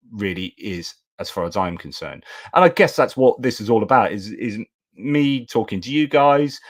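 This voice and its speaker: A British man hosting a live stream, talking in a rambling, self-correcting way with lots of restarts. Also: on the low side. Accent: British English. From United Kingdom. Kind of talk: casual live-stream commentary.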